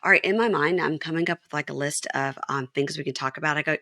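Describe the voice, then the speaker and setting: A woman's voice: sits low, fast, pushed and bright, no room sound, studio quality. A woman hosting a podcast, chatting casually and retelling show scenes with quoted lines. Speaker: podcast host. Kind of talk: casual chat recapping a reality show.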